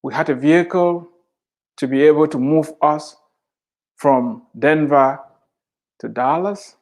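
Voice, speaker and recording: His voice sits on the high side with a darkish tone as this middle-aged man, a Christian author and speaker, preaches a devotional sermon. He goes slowly and emphatically, stretching phrases and echoing scripture for weight.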